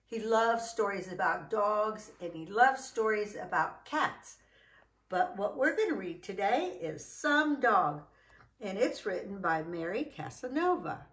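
A woman reading a children's picture book aloud, with lively, drawn-out delivery. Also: mid-range voice, echoey room. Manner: animated, drawn-out, voices for characters. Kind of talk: children's storybook read-aloud. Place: indoors at home.

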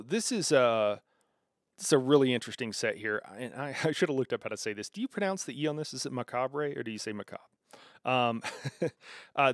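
A man's voice: mid-range voice, no room sound, clean studio sound. A man streaming a game, talking casually with viewers and reacting to their chat, with many fillers and restarts. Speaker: gaming streamer. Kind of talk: casual live-stream commentary.

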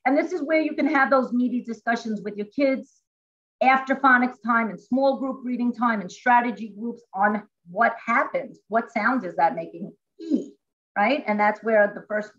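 A woman teacher talks from home over a video call, walking through a lesson step by step in a lively, chatty way. Her voice sits a little high, and the call audio comes through dull and lo-fi. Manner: animated, chatty, explains step by step. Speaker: classroom teacher. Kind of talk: informal teaching demonstration.

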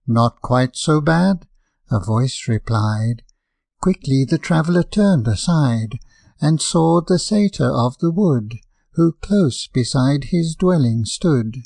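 A man reading rhyming fables as an audiobook narrator, in a measured, rhythmic verse delivery. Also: medium pitch, animated, creaky, darkish tone, no room sound, clean studio sound.

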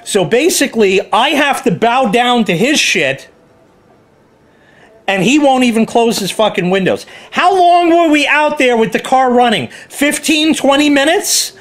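A man vents in a fired-up, swearing rant. His voice sits high and swings widely in pitch as he tells the story and acts out the other people in it. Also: expressive, measured pace, fairly bright tone. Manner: heated, profane, quoting others in put-on voices. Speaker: car hobbyist vlogger. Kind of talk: angry ranting story.

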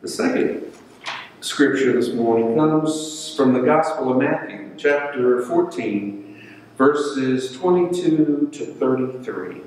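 A male pastor delivers a sermon in a measured, deliberate voice, now and then repeating a word. The recording is distant and full of long, ringing church reverb. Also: medium pitch, a little mellow. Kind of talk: sermon with scripture reading. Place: church sanctuary. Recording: echoey church hall from far off.

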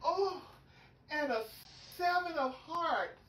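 In a comedy sketch, a woman plays Alicia, a sassy young woman lost in a strange world who exclaims and calls everyone "girl" and "honey." Her exaggerated voice is high-pitched, animated, slow and fairly bright, and she sounds sassy and bewildered. She's off-mic at a distance, giving a roomy sound with clear noise.

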